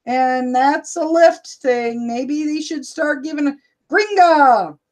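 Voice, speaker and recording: Loud, high-voiced woman hosting a livestream. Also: slow. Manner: loud, laughs often. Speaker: livestream host and rideshare driver. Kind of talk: casual livestream chat, reading viewer comments.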